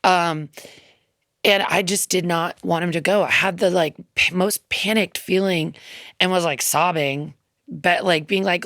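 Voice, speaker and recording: A woman with a low, gravelly voice tells a heartfelt story, chatty and loose, full of ums and little quoted asides. She is a guest in a radio studio, and her voice sounds dry and close to the mic. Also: normal speed, a bit bright, no echo. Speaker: musician guest. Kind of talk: casual interview storytelling.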